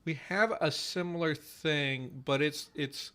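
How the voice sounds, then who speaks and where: A man hosting a live stream on building a language, thinking aloud slowly with many fillers, repeating trial words over and over. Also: on the high side, pushed and bright. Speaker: podcast host running a conlang stream.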